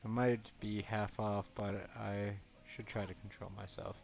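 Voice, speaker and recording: A man's voice: lowish voice, flat delivery, measured pace, creaky, a little mellow. A man reading the lines of a cheerful teenage girl model aloud from a game, in his own plain voice. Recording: dull lo-fi, faint game music.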